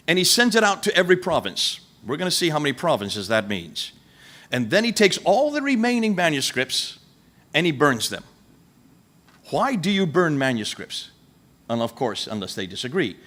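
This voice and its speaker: A man's voice: a little high, a bit bright. A man giving a lecture to a live audience, emphatic and full of rhetorical questions, speaking directly to the people in the room.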